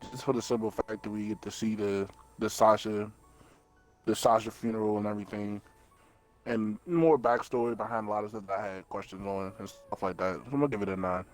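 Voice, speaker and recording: Man, casual chat, eager, lowish voice. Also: fairly even intonation, a little fast, faint music behind, poor audio.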